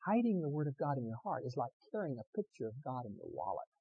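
Emphatic male pastor, husky voice. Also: mid-range voice, big pitch swings, fast, narrow, tinny audio. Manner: swings from loud emphatic preaching to quiet conversational asides. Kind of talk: sermon.

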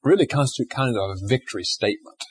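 Male pastor preaching, husky voice at a middle pitch, animated and dynamic delivery. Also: fast. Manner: animated, swings between loud emphasis and hushed asides. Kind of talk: sermon.

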